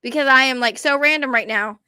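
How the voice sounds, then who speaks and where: A woman, rambling and animated as she chats casually to her stream viewers. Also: high voice, a little fast, smooth, dry recording, studio quality. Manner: rambling, animated, talks to chat. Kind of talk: casual ranting chat to viewers.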